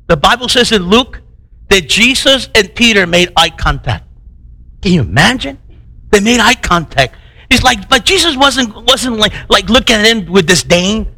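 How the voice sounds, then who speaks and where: A male pastor delivering a sermon in a high, bright voice that swings widely in pitch. He talks conversationally, piles up rhetorical questions, and repeats words as he restarts his phrases. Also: big pitch swings, moderate pace, low-quality recording.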